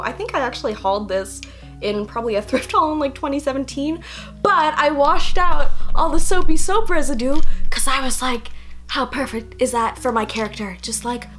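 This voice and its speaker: A woman's voice: a little high, fairly bright tone. A young woman, a fashion student, chatting casually to camera in a bubbly, giggly, playfully rambling way.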